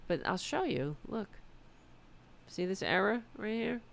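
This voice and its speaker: A woman from the United States hosting a political livestream, chatting loosely and swearing, her voice going hoarse. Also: mid-range voice, big pitch swings, unhurried. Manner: loose, profane, rambling. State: losing her voice. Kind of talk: casual livestream chat.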